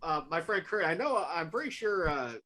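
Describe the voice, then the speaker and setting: Male talk show host, slightly high and very lively pitch, casual and chatty. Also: quick pace, crowd noise. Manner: chatty, laughs easily, with many fillers. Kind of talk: casual chat.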